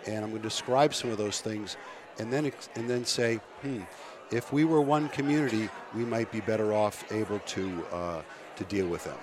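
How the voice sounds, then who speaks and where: A man interviewed on radio as a guest speaker, coming down with a cold, explaining things thoughtfully with halting restarts. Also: on the low side, background noise. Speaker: guest speaker, commission chair.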